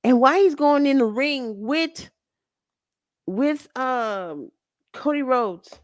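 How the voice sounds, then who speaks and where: A woman's voice: sits high, slow, dry recording, clean studio sound. A woman hosting her own show, chatting through a wrestling recap in a rambling way, often correcting herself. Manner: rambling, self-correcting, animated. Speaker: show host.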